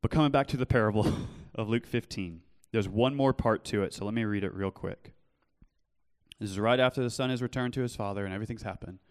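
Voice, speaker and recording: A young man preaching earnestly in a church, telling his own story and then pleading gently with listeners. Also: fairly low pitch, quick pace, long reverb tail. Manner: earnest, shifts from loud storytelling to soft pleading. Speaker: pastor. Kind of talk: sermon with personal testimony. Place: church hall.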